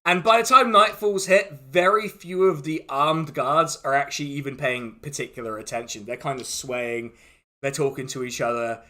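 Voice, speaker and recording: A man's voice: fairly high pitch, steady tone, normal speed, sharp tone. A man running a tabletop game as game master, rambling loosely and laughing often.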